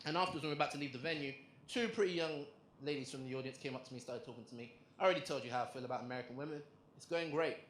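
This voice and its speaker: A young man performing a stand-up comedy set on a club stage, telling a story in an animated way and acting out the other people's lines. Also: a little high, a little hiss or hum. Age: young adult. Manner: animated storytelling with acted-out quotes. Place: comedy club stage before a live audience. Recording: roomy live club recording. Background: audience laughter.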